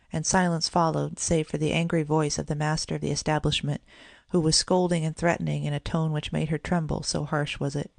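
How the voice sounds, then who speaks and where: An audiobook narrator giving a measured, scripted reading of a children's storybook. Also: mid-range voice, gravelly, no echo.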